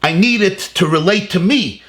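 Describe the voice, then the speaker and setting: A man rabbi giving a Torah lecture, emphatic and animated, asking rhetorical questions and repeating key words, mixing Hebrew and Yiddish terms into his English. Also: high-pitched, moderate pace. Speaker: rabbi teaching a class.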